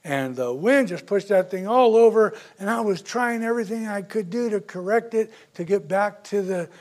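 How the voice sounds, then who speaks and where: A male pastor preaching a sermon, retelling scripture stories with big swings from loud to soft. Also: sits high, moderate pace. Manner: storytelling, dramatic swings in loudness.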